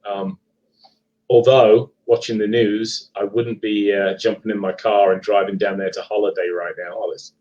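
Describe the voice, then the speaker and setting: A man's voice: lowish voice, level tone, normal speed, darkish tone, muffled recording. Chatty man with a Leicester accent. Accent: Leicester English, partly Americanized. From England. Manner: chatty, hesitant with frequent ums and restarts. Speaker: guest author and paranormal investigator. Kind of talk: casual live podcast chat.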